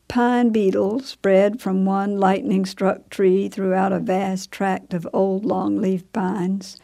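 A woman narrating a story in a measured, unhurried way. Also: mid-range voice, creaky, mellow.

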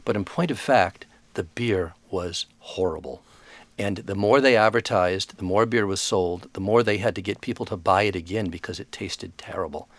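A man who is an author and guest expert in a radio interview, speaking in a thoughtful, measured way with frequent hesitations. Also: deep voice, no room sound.

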